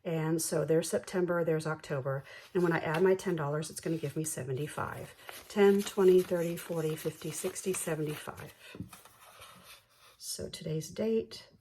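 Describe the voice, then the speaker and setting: A woman hosting a budgeting vlog, slowly counting bills aloud in a soft ASMR style, bubbly and self-deprecating between counts. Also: deep voice, slight background noise. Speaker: budgeting channel host.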